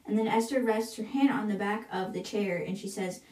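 A woman's voice: medium pitch, normal speed, darkish tone. A woman hosting a podcast, casually retelling a book's chapters in a chatty way, often slipping into quotes with "she's like". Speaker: podcast host. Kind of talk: casual book recap. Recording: roomy echo, distant from mic.

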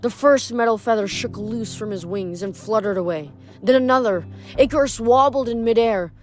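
A woman's voice: fairly high pitch, moderate pace, a little mellow. A woman reading chapters of a novel aloud, often stumbling over words and restarting. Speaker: reader.

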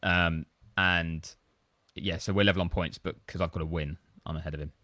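A man's voice: low voice, fairly even intonation, moderate pace, sharp tone, no echo. A man co-hosting a podcast, telling long, rambling, self-deprecating stories in casual chat. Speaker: podcast co-host.

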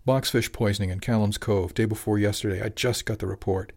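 A man voicing a brisk office messenger. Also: lowish voice, fairly even intonation, darkish tone.

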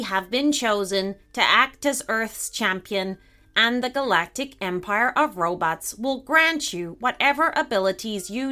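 A woman's voice: medium pitch, bright, forceful tone. A woman voicing a boastful alien toy robot who speaks in formal, clipped pronouncements.

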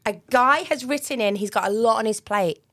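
A woman's voice: fairly high pitch, fairly quick, fairly bright tone. A young woman co-hosting a podcast in casual chat, giggly and reading out listener messages. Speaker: podcast co-host.

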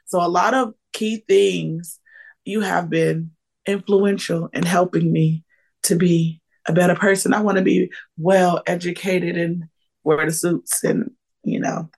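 A woman in her forties with a gravelly, fry-tinged voice, chatting as a podcast guest. She is lively and emotional, laughs a lot and breaks into excited bursts. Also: on the low side, unhurried. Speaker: guest, comedian and keynote speaker. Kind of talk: casual podcast interview.

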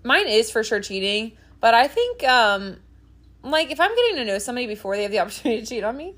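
Giggly young woman with a lively high voice. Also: fast. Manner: giggly, animated storytelling with lots of fillers. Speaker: podcast co-host. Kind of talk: casual chat.

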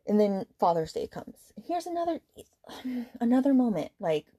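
A woman's voice: a little high, big pitch swings, mellow, no echo, studio quality. Exasperated woman ranting about a book. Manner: exasperated, sarcastic, swears; fast retelling with many fillers. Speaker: book podcast host. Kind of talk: casual book review rant.

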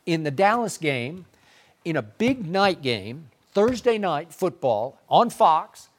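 A man's voice: fairly high pitch, big pitch swings, slow pace. A man hosting a sports debate, arguing football in an emphatic, insistent way. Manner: emphatic, argumentative.

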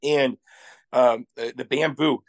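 A man from Iowa, a podcast guest, telling travel stories in an animated, excitable way and laughing often. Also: medium pitch, takes it slowly. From Iowa, USA. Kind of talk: casual interview storytelling.

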